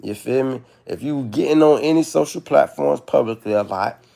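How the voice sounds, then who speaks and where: Gravelly-voiced man talking frankly on a livestream. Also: mid-range voice, moderate pace, dark tone. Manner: rambling, frank, profane, confessional. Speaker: livestream host. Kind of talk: candid livestream talk.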